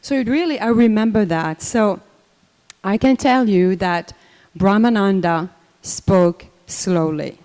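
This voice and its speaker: An older woman speaks at a memorial in a warm, mellow voice, taking her time and filling gaps with ums and restarts. Her voice rings with a long reverb in a temple hall. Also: medium pitch. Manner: unhurried, conversational, many fillers and restarts. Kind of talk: personal memorial talk.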